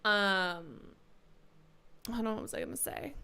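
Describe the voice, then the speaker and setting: A young adult woman live streaming a video game, chatting casually with sarcastic, animated rants. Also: mid-range voice, slow pace, long pauses, slight background noise. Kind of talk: casual chat while gaming.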